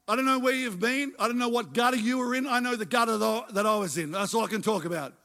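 A man's voice: extremely high pitch, quick pace, creaky, bright, forceful tone. A middle-aged man preaching a sermon, emphatic and repeating his phrases as he tells his own story. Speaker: pastor.

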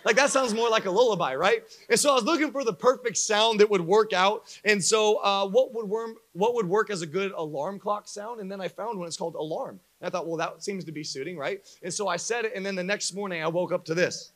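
A young man preaching a sermon to a congregation, telling stories with lively acted-out voices. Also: high voice, fairly quick, few pauses. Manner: animated storyteller acting out voices for a live congregation. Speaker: pastor.

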